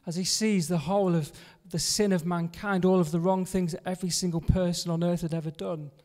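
A man's voice: high voice, steady tone, a little fast. Earnest male preacher in a reverberant church. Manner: earnest, repeating a refrain with drops to a soft hush. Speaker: pastor. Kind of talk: sermon. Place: church hall. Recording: long reverb of a church hall.

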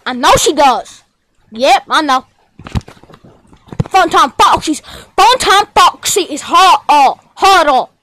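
A woman improvising a rowdy play-acted scene in many voices, shouting out and hurling insults. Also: high voice, animated, slow pace, pauses often.

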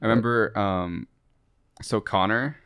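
A young man chatting casually as a podcast co-host, recalling shared memories. His voice is fairly low and smooth. It is recorded dry, with no room sound. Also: measured pace, a bit bright, no echo. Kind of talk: casual chat.

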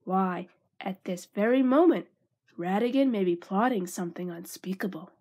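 A woman's voice: medium pitch, normal speed, a little mellow, natural voice. A woman voicing a proud, theatrical male mouse detective in a storybook reading. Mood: boastful.

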